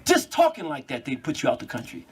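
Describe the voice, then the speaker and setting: A man giving an animated monologue, quick in bursts and laughing as he talks. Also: a little high, husky.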